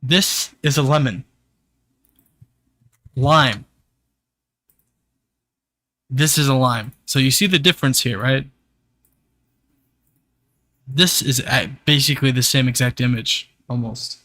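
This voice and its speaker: A man's voice: mid-range voice, slow pace, long pauses, pushed and bright, no room sound. A young man streaming live, ranting casually to his chat with frequent swearing. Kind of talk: casual livestream rant.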